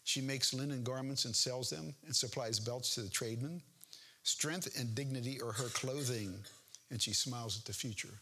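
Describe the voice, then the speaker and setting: A man's voice: mid-range voice, normal speed, sharp tone, husky. An older man preaching a sermon as pastor, reading scripture aloud and breaking off into homespun, joking asides about his family.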